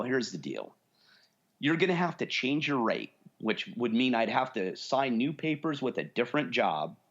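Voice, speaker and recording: A man's voice: mid-range voice, muffled recording. Rambling middle-aged man telling stories. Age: 40s. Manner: rambling storyteller, acts out quoted voices. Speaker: podcast co-host. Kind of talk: casual chat.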